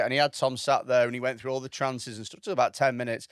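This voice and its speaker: Male comedy co-host, deadpan stories, blunt jokes, dry close sound. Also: medium pitch, fast, clear, resonant tone, no echo. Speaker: podcast co-host. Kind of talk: casual comedy podcast chat.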